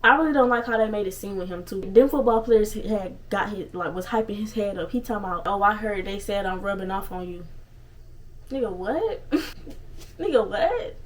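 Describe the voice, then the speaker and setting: Animated young woman telling a story. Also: mid-range voice, recorded from a distance, poor audio. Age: young adult. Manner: animated, swears freely, retells with many asides. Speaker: storytime vlogger. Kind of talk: casual storytime.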